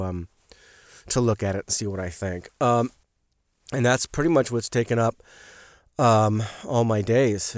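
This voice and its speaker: Sick hoarse guy rambling on his podcast, kinda low voice, dry sound. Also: no room sound. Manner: rambling, with many fillers. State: hoarse from a cold. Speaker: podcast host and voiceover artist. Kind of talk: casual solo monologue.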